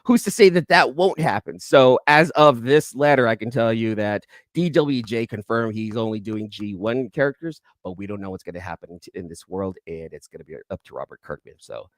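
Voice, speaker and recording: Animated man rambling through a comic haul. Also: fairly low pitch, no room sound, studio quality. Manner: rambling, self-interrupting, quick asides to viewers in live chat. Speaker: YouTube comic collector host. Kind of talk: casual haul vlog.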